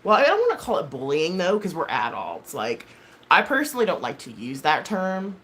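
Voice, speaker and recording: A woman in her thirties talks casually to her live viewers, rambling and blunt, with plenty of swearing and restarts. Her pitch swings widely and animatedly from phrase to phrase. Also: huge pitch swings, fairly quick, a bit bright, a little hiss or hum. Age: 30s. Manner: rambling, blunt and heavily profane; frequent fillers and self-corrections. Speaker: livestream host.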